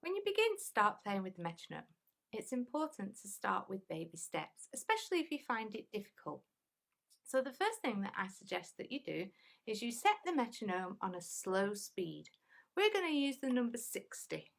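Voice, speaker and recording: A woman's voice: mid-range voice, very animated, normal speed, creaky. A woman music teacher giving a patient, encouraging lesson and counting rhythms aloud.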